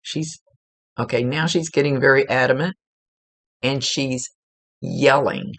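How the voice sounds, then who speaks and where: Woman, psychic medium, rambling and chatty, gravelly fry in the voice, dry close sound. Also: rumbling low, a little slow, no echo. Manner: chatty, rambling, self-correcting. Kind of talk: casual spoken reading.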